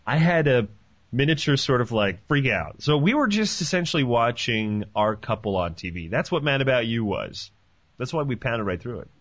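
A man hosting a podcast in casual chat, animated and profane, joking as he talks. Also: mid-range voice, normal speed, dry recording. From Canada. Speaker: podcast host. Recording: dull lo-fi dry sound.

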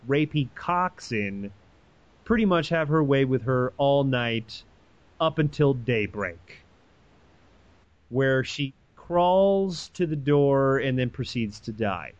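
A man's voice: medium pitch, no echo, muffled recording. A man casually retelling a story in an irreverent, profane way, acting out the quoted voices. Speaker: podcast host retelling a story.

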